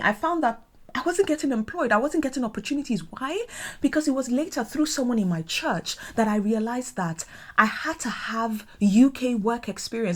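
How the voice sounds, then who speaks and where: Young Nigerian woman, expressive vlogger, dramatic and exclamatory. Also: mid-range voice. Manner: animated, dramatic, exclamatory storytelling. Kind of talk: casual vlog talk.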